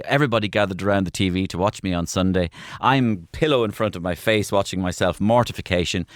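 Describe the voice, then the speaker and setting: A man, a comedian guest telling lively stories in a radio studio interview, often repeating phrases. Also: deep voice, quick pace, few pauses, dry recording. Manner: animated storyteller, repeats phrases.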